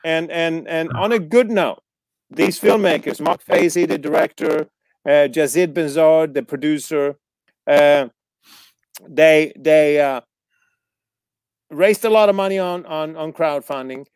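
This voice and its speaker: A man in casual conversation, telling animated stories, swearing freely and acting out quotes. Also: on the high side, a little slow, pauses often, clear, resonant tone, no echo, clean studio sound. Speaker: actor guest. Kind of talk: casual storytelling chat.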